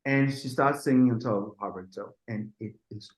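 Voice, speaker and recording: A middle-aged man, a music producer, telling anecdotes in a lively, casual way, acting out what people said and swearing freely. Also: mid-range voice, a little fast, echoey room, low-quality recording. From Denmark. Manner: animated, acts out quotes, swears freely.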